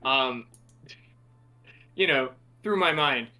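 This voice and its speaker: A man's voice: mid-range voice, drawn-out words, bright, forceful tone. A man playing a tabletop role-playing game, talking hesitantly and playfully, with many restarts. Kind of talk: casual tabletop role-play chat.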